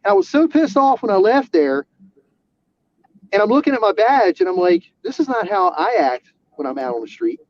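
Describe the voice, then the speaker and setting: A man, an auxiliary police officer, telling a personal story in casual talk, halting with restarts and fillers. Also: sits high, sing-song, a little hiss or hum. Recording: dull lo-fi sound.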